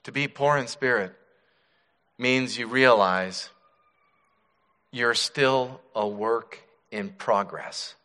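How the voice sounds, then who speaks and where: A middle-aged male pastor preaching a sermon, dropping to soft hushed tones and then rising with emphasis. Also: mid-range voice. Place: church sanctuary. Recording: church hall reverb.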